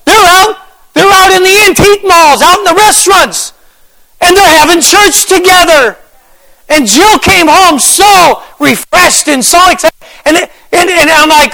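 A man preaching a fervent sermon, repeating phrases and rising into shouts. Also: very high voice, unhurried, vocal fry, low-quality recording. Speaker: pastor.

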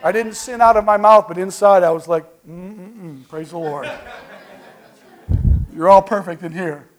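High-pitched pastor guy preaching, animated storytelling, quiet asides then loud bursts. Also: fairly quick. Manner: animated preaching with call-and-response; folksy storytelling, swings from quiet asides to shouts. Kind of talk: sermon.

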